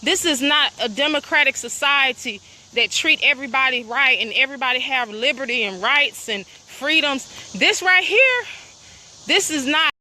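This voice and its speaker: A property owner walks a country trail, phone in hand, vlogging to her viewers. Winded and upset, she asks them indignant, pointed questions. Her high-pitched voice is pushed and bright, over a slight hiss or hum and the sound of crickets outdoors.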